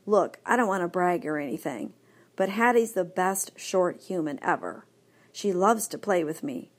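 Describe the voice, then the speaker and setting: A woman narrating a children's story in first person, lively and expressive. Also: on the low side, a little slow. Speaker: audiobook narrator.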